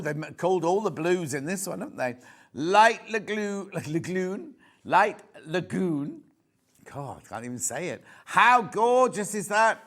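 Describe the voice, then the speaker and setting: A man's voice: a little high, fairly bright tone. A man with a Yorkshire accent presenting a live shopping show, gushing and rambling in easy chat. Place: TV studio.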